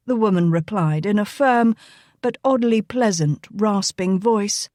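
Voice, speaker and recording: A woman narrates a historical romance novel in a measured, even storytelling voice of middle pitch. The recording is dry and close, with no room sound. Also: dry recording. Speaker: audiobook narrator. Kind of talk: scripted narration.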